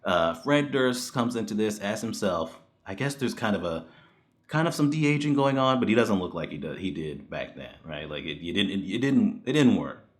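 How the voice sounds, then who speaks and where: A man's voice: fairly low pitch, very animated, moderate pace. A man giving a casual spoken movie review, blunt and profane, ranting in exasperation with frequent laughs.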